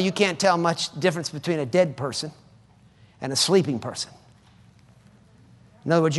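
A man's voice: a little high, in a large hall. A man preaching a sermon in an emphatic, conversational way, often repeating his phrases for effect.

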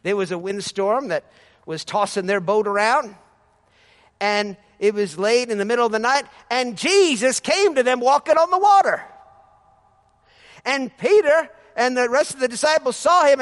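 A man preaching a sermon as pastor, fervent and building to shouts of praise. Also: very high voice, moderate pace.

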